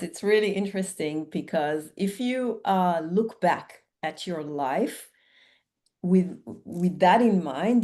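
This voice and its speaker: A woman co-hosting a spiritual discussion podcast, her voice mellow and dark. She talks reflectively and encouragingly about personal experience. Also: on the low side. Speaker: podcast co-host.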